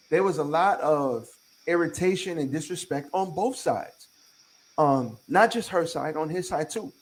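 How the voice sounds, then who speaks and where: High-voiced man ranting emphatically. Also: low-quality recording. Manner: emphatic, profane, repeats points for emphasis; lecturing listeners directly. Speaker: podcast host. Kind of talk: casual podcast chat.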